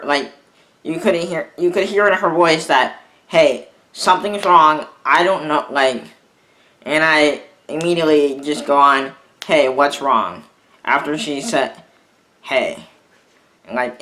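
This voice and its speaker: A young man telling a personal story in a vlog, halting and rambling, often restarting his sentences. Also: a little high, bright, forceful tone. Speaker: vlogger.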